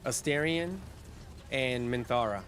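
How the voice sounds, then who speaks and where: A man's voice: mid-range voice, a little slow, soft background music. Laid-back male game streamer. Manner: relaxed, rambling, with restarts and fillers. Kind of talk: casual chat with stream viewers.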